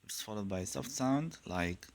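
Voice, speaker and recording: A man teaching pronunciation in a clear instructional style, drilling sounds in repeated pairs. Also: lowish voice, expressive, normal speed. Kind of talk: slow, clear instructional lesson.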